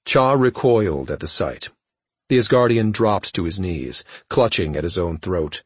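Husky male audiobook narrator. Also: deep voice, expressive, unhurried, no room sound. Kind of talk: scripted narration.

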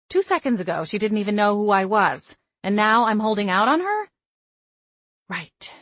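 A woman reads a first-person audiobook in a wry, expressive way. Her voice sits in an even middle pitch, and the recording is dry and close with no room echo. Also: normal speed, husky. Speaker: audiobook narrator.

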